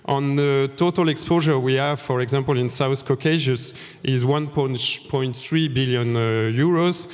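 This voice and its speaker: A man's voice: medium pitch, unhurried, few pauses. A man giving a polite, formal presentation as a panel speaker in a conference room. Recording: long hall reverb.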